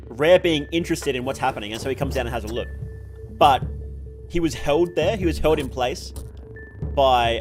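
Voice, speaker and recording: A man streaming a game live, swearing at setbacks and rambling through chat questions with many fillers. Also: mid-range voice. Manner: swears freely and reacts loudly to in-game deaths. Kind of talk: live gameplay commentary, answering chat.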